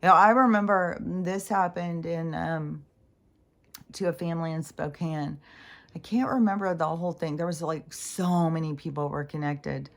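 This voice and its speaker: Middle-aged woman, low voice, loose rambling vlog talk full of ums and curse words. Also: fairly even intonation, moderate pace. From Pacific Northwest US. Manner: rambling, profane, many fillers and restarts. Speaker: spiritual vlogger. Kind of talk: casual rambling monologue.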